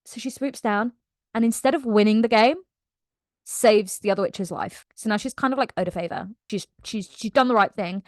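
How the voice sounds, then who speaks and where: A young woman talks through a book in a casual, slangy way, throwing herself into quoted lines with some swearing. Her pitch sits mid-range for a woman. The sound is dry and close, with no room around it. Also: normal speed, a little mellow, dry recording. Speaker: book vlogger.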